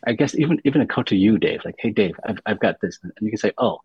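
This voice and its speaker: This man, a university senior fellow appearing as a podcast guest, explains things patiently in casual interview talk, restarting often. His voice is fairly low, animated, and breathy-edged, and he talks fast. The lo-fi recording is dull and dry.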